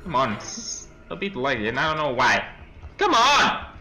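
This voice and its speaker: A man's voice: mid-range voice, animated, brisk, bright, forceful tone, soft background music, poor audio. A young man playing a horror game, reacting with startled outbursts and nervous laughs while reading the game text aloud. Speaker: let's play gamer.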